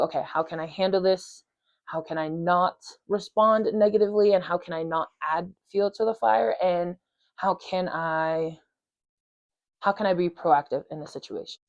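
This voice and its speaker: An earnest woman hosts a podcast in a lower voice and thinks aloud casually, with many fillers and restarts. Her recording sounds muffled and lo-fi. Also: a little mellow. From Polynesian community. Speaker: podcast host. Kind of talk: reflective casual talk.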